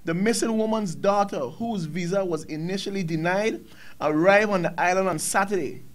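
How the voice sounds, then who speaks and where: Man, middle-aged, talk show host, angry impassioned commentary, high voice, rhetorical questions. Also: normal speed. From Caribbean.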